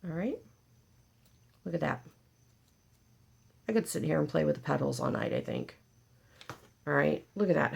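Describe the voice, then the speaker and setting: A woman with a low-pitched, gravelly voice hosts a casual paper craft tutorial. She's chatty and jokes with her viewers as she works.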